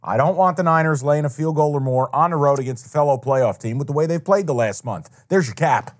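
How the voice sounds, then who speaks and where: Man, betting podcast co-host, casual banter, profane, animated. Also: a little high, brisk. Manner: animated, profane, acts out others' lines.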